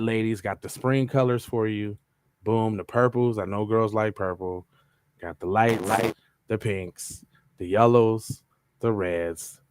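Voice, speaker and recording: A man's voice: medium pitch, no echo. A man hosts a podcast and chats casually about merchandise with a loose, playful delivery. His voice sits in a middle register. The room is dry, the sound close. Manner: loose, playful, chanting asides. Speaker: podcast host. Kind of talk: casual merch pitch to viewers.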